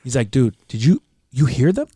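His mid-range voice has a breathy edge as this Canadian podcast guest relates a story at a moderate pace. He's animated, curses often, and performs the dialogue of people he quotes. The sound is clean studio audio with no echo.

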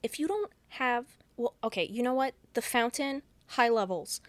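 A woman's voice: on the high side, moderate pace, no echo. Profane woman recapping a movie. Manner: profane, deadpan plot retelling. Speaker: podcast host. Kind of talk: casual movie recap chat.

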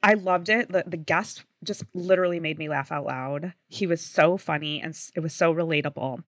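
A woman co-hosting a podcast in an enthusiastic, rambling way, dropping "like" often as she talks. Her voice is low for a woman, and the sound is dry and close to the mic. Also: normal speed, fairly bright tone, dry recording. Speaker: podcast co-host. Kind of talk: casual podcast chat.

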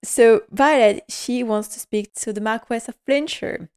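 A woman hosting a podcast, giving a casual episode recap in a quick, emotional, heartfelt way. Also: fairly high pitch, a little mellow, smooth. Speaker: podcast host.

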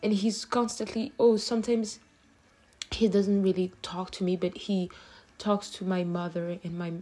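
Soft-spoken tearful young woman vlogger. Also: mid-range voice, flat delivery. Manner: soft, halting, full of fillers and restarts. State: tearful after crying. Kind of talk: late-night confessional talk to camera.

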